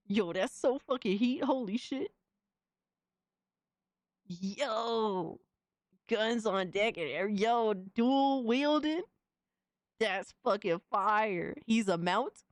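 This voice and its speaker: A woman's voice: medium pitch, lively intonation, slow pace, no echo, studio quality. A young woman streamer reacting casually to fan images, slangy and exclamatory, often laughing.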